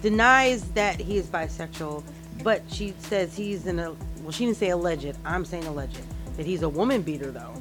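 A woman's voice: lowish voice, expressive, moderate pace, music in the background. A woman co-hosting a casual hip-hop chat show, talking in a laid-back, teasing way. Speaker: co-host.

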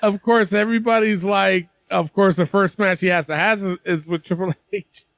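A man hosting a wrestling podcast, talking loudly and excitably and swearing freely in casual chat. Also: high-pitched, normal speed, gravelly, dry recording. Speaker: podcast host.

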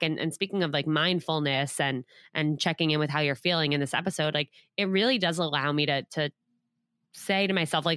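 A woman's voice: low-pitched, a bit bright, clear, resonant tone, no echo, clean studio sound. A woman hosting a podcast, chatty and upbeat, reading an ad in a casual way. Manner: upbeat, chatty, lots of quick agreement. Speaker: podcast host. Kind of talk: casual podcast chat with ad read.

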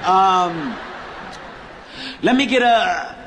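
A man doing stand-up comedy, telling an animated story and acting out both sides with shouted punchlines. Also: sits high, very slow, roomy sound, noisy background.

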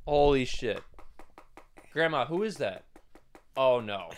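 A man's voice: medium pitch, animated, takes it slowly. A young man teasing his grandmother in casual chat, exasperated and swearing freely.

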